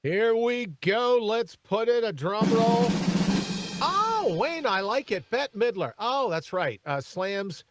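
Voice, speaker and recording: A man's voice: extremely high pitch, big pitch swings, slow, a bit bright, soft background music. A man hosting a talk radio show, giving emphatic commentary and turning often to his co-host. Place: radio studio.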